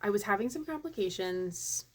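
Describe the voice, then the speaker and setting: A woman in her thirties, a vlogger, telling a personal story to camera in a chatty, animated way that often breaks off and restarts. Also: medium pitch, moderate pace. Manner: chatty, animated, self-interrupting.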